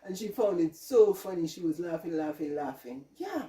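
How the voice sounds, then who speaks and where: A woman's voice: on the low side, expressive, normal speed, dark tone. A middle-aged Jamaican woman vlogging from her home kitchen, chatting casually, rambling and laughing often. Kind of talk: casual chat. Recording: echoey room, mic at a distance.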